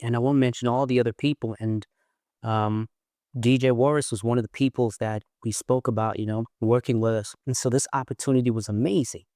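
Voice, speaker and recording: A man's voice: mid-range voice, brisk, no echo, clean studio sound. A South African man, a guest and former mayoral candidate, telling stories in a casual interview and mimicking other people's voices. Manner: animated storyteller who mimics other voices.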